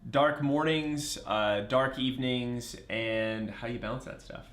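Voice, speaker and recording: A man's voice: mid-range voice, fairly even intonation, unhurried, fairly bright tone. A man co-hosting a live running show, upbeat and chatty, reading viewer comments and talking to the audience. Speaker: co-host. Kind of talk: casual live-stream chat. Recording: roomy echo.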